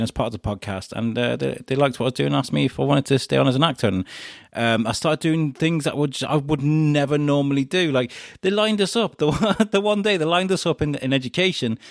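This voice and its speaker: A man hosting a podcast, chatting casually and telling animated stories with frequent laughter. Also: mid-range voice, fairly quick, vocal fry, no echo, studio quality. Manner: animated storyteller, laughs often. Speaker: podcast host being interviewed. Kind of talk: casual chat.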